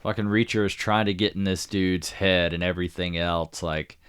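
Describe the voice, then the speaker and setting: A man's voice: low-pitched, fairly even intonation, moderate pace, a bit bright, clean tone. A man co-hosting a podcast, chatting casually and throwing in teasing, dry quips. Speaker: podcast co-host. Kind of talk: casual chat.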